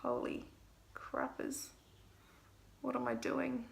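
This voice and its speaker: A woman's voice: a little high, flat delivery, takes it slowly, gravelly. A young woman, a makeup artist, chatting to viewers through a makeup tutorial vlog in a self-mocking way.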